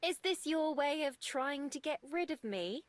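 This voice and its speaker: An actress voicing a composed, wry adult woman in a story game, dry and measured. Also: sits high, expressive, no echo. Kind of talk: game voice acting.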